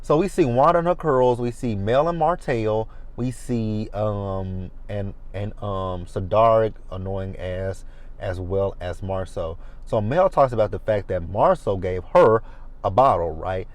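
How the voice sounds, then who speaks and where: A man giving a sassy, animated, swearing commentary on a reality TV episode. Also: fairly low pitch, unhurried. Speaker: reality TV reviewer. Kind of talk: casual commentary.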